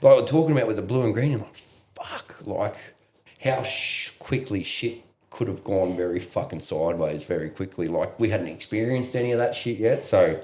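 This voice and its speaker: An Australian man, a veteran guest, telling a war story in a profane, laughing, animated way. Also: lowish voice, normal speed, roomy sound. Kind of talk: casual storytelling.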